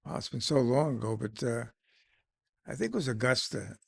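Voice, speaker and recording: An older man from Brooklyn tells his story plainly and modestly, sometimes pausing to find a word. His voice is gravelly with fry. The recording is close and dry. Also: mid-range voice, expressive, dry recording. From Brooklyn, New York. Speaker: guest, Vietnam veteran. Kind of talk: casual interview.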